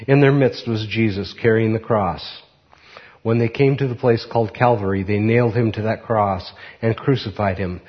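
Low-voiced male preacher, reflective, dull lo-fi sound. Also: long reverb tail. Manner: unhurried, reflective, with fillers. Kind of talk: sermon with a read-aloud story. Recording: muffled recording.

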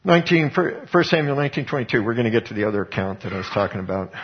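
A man's voice: mid-range voice, expressive, very fast, lo-fi sound. A man preaching a Bible teaching sermon, retelling scripture as conversational storytelling. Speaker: pastor.

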